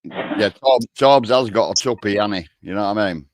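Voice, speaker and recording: A man's voice: fairly low pitch, normal speed, no room sound. Teasing northern English man on a call. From Rochdale, England. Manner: teasing, sweary banter. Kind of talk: casual banter on a group call.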